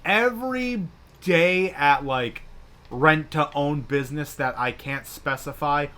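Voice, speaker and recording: Bright guy ranting through a work story on a gaming stream, lots of swearing. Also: a little high, slow pace. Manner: profane, animated, acts out quoted bosses. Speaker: co-host telling a story. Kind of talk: casual storytelling chat while gaming.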